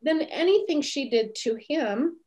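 Animated woman telling a story. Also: sits high, measured pace. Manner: animated, acts out quoted voices. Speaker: animal communicator guest. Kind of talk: storytelling interview.

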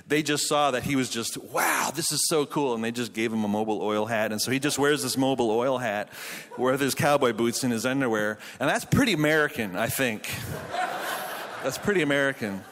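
A man's voice: mid-range voice, a little fast, fairly bright tone. Joking man preaching at a conference. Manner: jokey storytelling, then earnest Bible teaching. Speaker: conference speaker. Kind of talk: humorous conference sermon. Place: conference hall.

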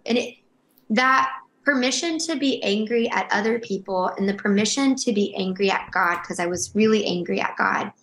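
An earnest woman in her thirties talks openly as an interview guest, circling back and restarting as feelings rise. Her voice sits at an ordinary pitch for a woman and carries a roomy echo. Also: normal speed, fairly bright tone. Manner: emotional, earnest, rambling with restarts. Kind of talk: candid interview storytelling.

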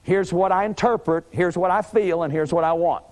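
A man in his fifties giving a lively lecture, acting out little scenes and restarting sentences with repeated words. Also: high-pitched, normal speed, few pauses. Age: 50s. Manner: animated, acts out little scenes with sudden shouts and growls. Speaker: lecturer on family therapy.

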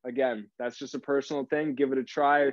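An upbeat male fitness instructor talks a class through a core workout, a little out of breath as he cues each move. His voice sits at an ordinary middle pitch. The sound is dry and a bit dull, like a video-call mic. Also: level tone, fairly quick, no echo. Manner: upbeat coaching cues, encouraging. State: slightly out of breath. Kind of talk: live online workout class.

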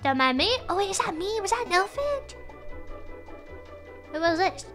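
A woman's voice: very high-pitched, very animated, moderate pace, over music. A woman streamer chatting casually over gameplay, bubbly and swearing when startled.

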